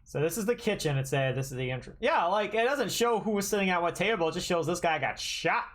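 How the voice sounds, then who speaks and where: Thirties streamer, lively swooping voice, chatty jokey game commentary. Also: mid-range voice, fast. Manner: chatty, jokey, reacts loudly. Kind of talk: gaming livestream commentary, reading game dialogue aloud.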